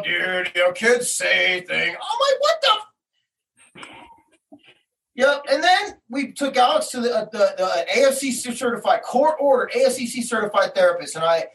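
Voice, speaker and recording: Agitated father, heard from a distance. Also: high voice. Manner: agitated, acts out quotes, swears, rising to shouts. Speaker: father telling his story. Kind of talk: emotional personal account.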